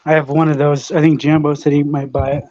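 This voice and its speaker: A man's voice: a little high, level tone, fast, lo-fi sound, a crowd in the background. A man who runs a comic shop, speaking matter-of-factly in a casual chat.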